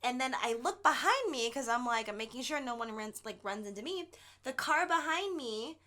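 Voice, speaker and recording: A woman co-hosting a podcast, telling a story in animated casual chat with plenty of swearing. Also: fairly high pitch, moderate pace. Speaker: podcast co-host.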